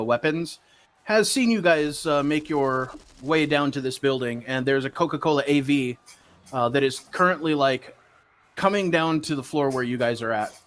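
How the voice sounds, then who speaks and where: A man narrating as game master of a tabletop game, rambling with many fillers. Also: a little high.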